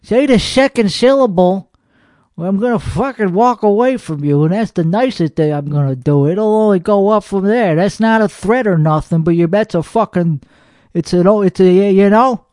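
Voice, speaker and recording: A belligerent, foul-mouthed comedian rants and rambles, played by a man. His voice sits high for a man, recorded close and dry with no room sound. He jabs and boasts in a rough, combative comedic podcast style. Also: normal speed, darkish tone, no echo, natural voice. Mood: angry ranting. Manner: profane ranting, rambling and belligerent. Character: hot-headed, foul-mouthed, boastful male comedian host. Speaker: podcast host. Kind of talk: comedic character monologue.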